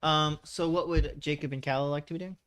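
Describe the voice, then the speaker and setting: A man's voice: a little high, steady tone, fairly quick, a bit bright, clean tone. A man running a tabletop game as game master, playful and laughing often.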